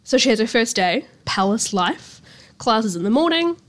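A woman's voice: fairly high pitch, big pitch swings, moderate pace. Chatty young woman recapping a book. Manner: chatty, swears freely, acts out characters' lines. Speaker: podcast host.

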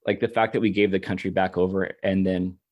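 A man co-hosts a casual podcast discussion in a fairly low voice. He argues with strong feeling and open frustration, doubling up words as he presses his point. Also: level tone, fairly quick, a little mellow, muffled recording. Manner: impassioned, repeats words when worked up. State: emotional and frustrated. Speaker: podcast co-host.

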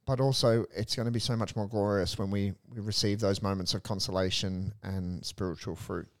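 Earnest lower-voiced male priest. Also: a little fast. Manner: earnest, animated storytelling with humor. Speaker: Catholic priest, co-host. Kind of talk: casual faith discussion.

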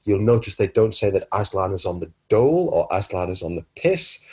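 A middle-aged man with a husky voice co-hosting a comic podcast, full of sardonic wordplay and theatrical asides. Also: on the low side, very animated, brisk. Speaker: podcast co-host.

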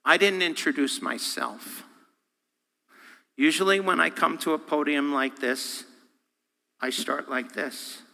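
A man, a guest speaker, preaching a sermon with animated, humorous delivery, acting out voices and quotes. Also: a little high, slow pace, gravelly, long pauses. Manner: humorous, self-deprecating. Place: church sanctuary. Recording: long hall reverb.

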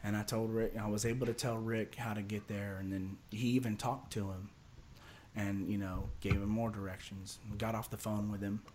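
A man's voice: lowish voice, flat delivery, moderate pace, noisy background. A man telling a long personal story as a podcast guest, rambling, repeating words and acting out other people's lines. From Houston area, Texas. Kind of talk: casual storytelling.

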